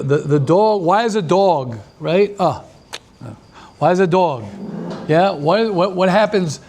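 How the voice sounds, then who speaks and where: A man who is a rabbi giving a lively class, repeating himself and restarting often as he talks with the audience. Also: fairly high pitch.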